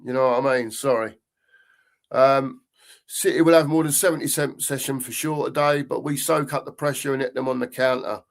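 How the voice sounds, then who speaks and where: Reading live comments for his fan channel, an older man talks at a moderate pace in a creaky, mid-range voice with fairly even intonation. His casual stream chatter wanders, circling back to the same phrases.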